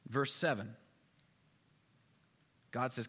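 A man's voice: sits high, normal speed, in a large hall. A man preaching a sermon in a church, telling the story with energy and acting out the people in it. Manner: animated storytelling, acts out voices, chuckles. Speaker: pastor. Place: church sanctuary.

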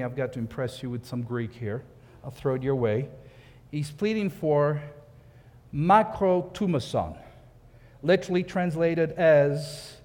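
A man's voice: a little high, darkish tone, in a large hall. A man preaching a sermon, emphatic, repeating key phrases and asking rhetorical questions. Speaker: pastor.

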